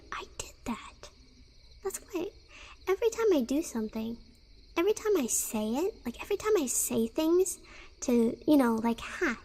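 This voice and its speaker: A woman's voice: a little high, animated, unhurried, long pauses, darkish tone. Teasing, giggly woman streamer. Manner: teasing and playful, with giggles and whispered asides. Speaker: live streamer. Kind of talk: casual live-stream chat with viewers.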